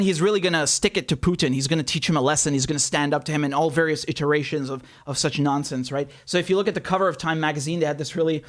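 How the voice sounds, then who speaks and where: Man, high-pitched, angry profane ranting, sarcastic commentary host. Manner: sarcastic, laughing at headlines. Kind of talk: heated political commentary.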